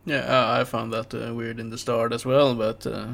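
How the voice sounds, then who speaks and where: Gravelly Norwegian man, hesitant podcast co-host. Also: medium pitch, level tone, normal speed, a bit bright. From Norway. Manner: hesitant, many "uh" fillers. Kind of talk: casual podcast chat.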